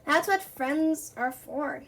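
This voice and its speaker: Kid detective Andy, impatient and bossy, read by a woman, high-pitched and unhurried. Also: fairly bright tone, exaggerated voice.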